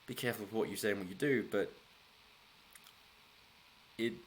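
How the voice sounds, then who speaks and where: A man talks through political news in a loose, rambling way, restarting sentences and chuckling as he goes. His voice sits very low. A faint hiss of noise runs behind the recording. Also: normal speed. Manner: rambling, frequent restarts, chuckles while talking. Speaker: political commentary channel host. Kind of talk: casual solo commentary.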